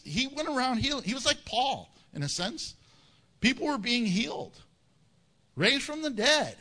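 A male pastor preaching a sermon, animated and jokey, acting out the voices of people he quotes. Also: extremely high pitch.

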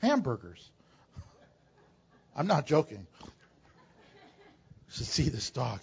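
Older guy preaching in church, husky high voice, jokes around and gets loud, kinda muffled lo-fi sound. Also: extremely slow. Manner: animated preaching with jokes and sudden loud bursts. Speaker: pastor. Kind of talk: sermon.

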